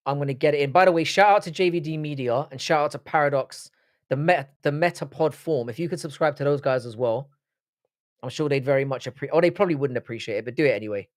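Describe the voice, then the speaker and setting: A man's voice: fairly high pitch, fast. A man with a London accent hosting a live stream, chatting casually, reading the chat aloud and trading crude banter. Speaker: livestream host.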